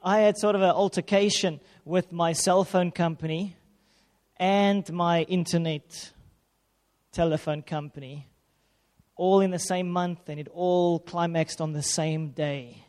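Man, preacher, high voice, big echoing hall, animated storytelling. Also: measured pace. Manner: animated, self-mocking storytelling with laughs. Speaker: pastor. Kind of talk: sermon with a personal story. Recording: long reverb of a hall.

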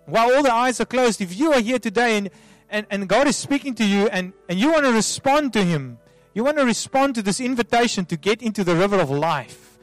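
A man as a pastor leading an altar call prayer, soft and pleading, repeating himself with many restarts. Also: high-pitched, animated, brisk, no echo. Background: soft music.

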